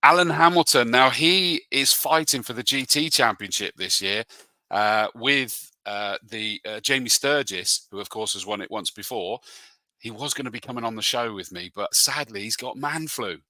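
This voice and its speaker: A man's voice: medium pitch, normal speed, pushed and bright, no room sound. A man and motorsport commentator hosting a live show, chatting casually and reading out viewer comments in a matey way. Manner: chatty and matey, calls people mate.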